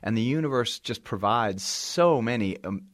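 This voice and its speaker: A man's voice: mid-range voice, expressive, moderate pace, no room sound, studio quality. A man talking as a guest on a radio show, earnest and thoughtful, often restarting his sentences. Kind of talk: casual radio conversation.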